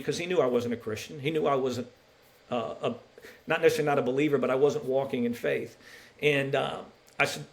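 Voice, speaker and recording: A man's voice: medium pitch, gravelly. A middle-aged man, a basketball referee, telling his personal faith story on a podcast in an earnest, emotional way, restarting often. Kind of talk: personal testimony in a podcast interview.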